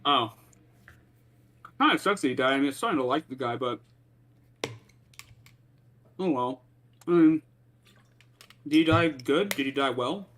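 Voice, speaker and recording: A man's voice: medium pitch, lively intonation, measured pace, long pauses, a bit bright. An easygoing man voicing his own character in a tabletop game. He keeps a light, joking tone in his replies. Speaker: player.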